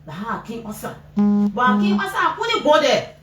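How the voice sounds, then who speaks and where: Loud music plays behind a Liberian English-accented mother as she tells reporters, at normal speed, what befell her son. Her emotional account is animated, her pitch jumping as she acts out the shouts of others. The recording sounds roomy and distant, with faint background noise.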